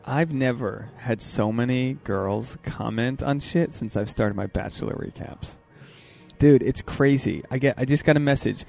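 Excitable man with a gravelly voice. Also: medium pitch. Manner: fast, excitable, interrupts and restarts. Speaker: podcast host. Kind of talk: casual chat. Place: hotel balcony, outdoors.

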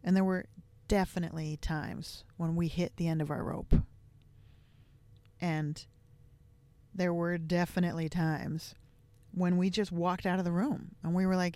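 A woman's voice: on the low side, level tone, a little slow, dark tone, no echo. A woman hosting a podcast, telling a personal family story in a candid, reflective way with many casual fillers. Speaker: podcast host.

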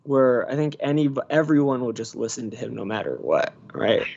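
A man, a podcast guest, rambling through casual sports talk with halting restarts. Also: mid-range voice, expressive, creaky, a little mellow, husky. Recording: dull lo-fi audio.

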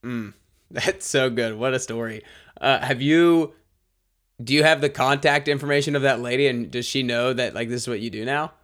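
A man's voice: medium pitch, normal speed, fairly bright tone. A man hosting an interview, asking interested follow-up questions. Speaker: host. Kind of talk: casual interview.

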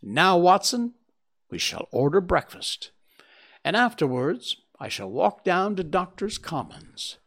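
A man voicing a calm, witty detective who answers threats with bland, quietly mocking remarks. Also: high-pitched, takes it slowly, gravelly, voice pushed up, full character voice. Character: calm, witty male detective, unflappable and dry. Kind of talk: dramatic audiobook reading.

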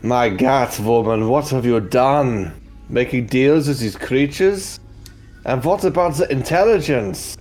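A man's voice: mid-range voice, measured pace, a little mellow, soft background music, voice pushed up, close to an everyday voice. A man playing an alarmed elf lord. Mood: shocked. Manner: urgent, exclaiming.

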